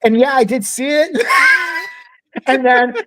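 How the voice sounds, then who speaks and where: A man's voice: very high voice, huge pitch swings, takes it slowly, pushed and bright. A man co-hosting a podcast, telling a story in casual chat, laughing often and acting out what other people said. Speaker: podcast co-host.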